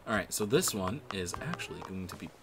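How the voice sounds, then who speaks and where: Low-voiced man rambling over music. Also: animated, fast talker, gravelly, noisy background. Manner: rambling, heavy swearing, many fillers. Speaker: gaming video creator. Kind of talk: casual gameplay commentary. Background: background music.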